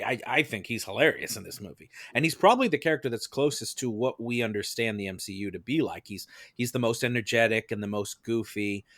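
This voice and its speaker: A man on a podcast, arguing his case in a measured, explanatory way and building it step by step. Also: on the low side, fairly bright tone, no echo, studio quality. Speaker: defense advocate on a mock-trial film podcast. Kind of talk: casual podcast debate.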